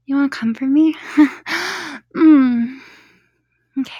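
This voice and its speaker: A woman's voice: high voice, steady tone, slow pace, pauses often, dark tone, dry recording, dull audio. A woman talking in an intimate improvised audio, whispery and giggly, hesitant and fumbling for words.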